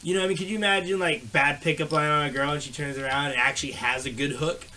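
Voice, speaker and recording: A man with a slightly high, bright and sharp voice, talking in a laid-back, swearing way and tossing in "dude" and "bro" all the time. His delivery is loose podcast banter, with a faint hiss of noise under the voice. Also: fairly even intonation, fast talker. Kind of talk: crude casual chat.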